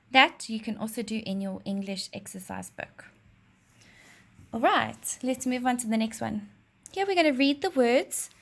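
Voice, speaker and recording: Slow, clear woman teaching young children. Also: on the high side. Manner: slow, clear teacherly delivery with expressive read-aloud of a rhyme. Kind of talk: online reading lesson for young children.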